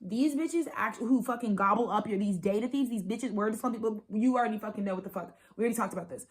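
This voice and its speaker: A young woman in her twenties rants through an unscripted spiritual vlog, her speech fast, profane and emphatic. She circles back to repeat her points, piling on "baby" and "like" as she builds momentum. Her pitch sits in an ordinary middle range for a woman. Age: 20s. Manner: rapid, profane, emphatic and repetitive. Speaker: astrologer and spiritual channeler.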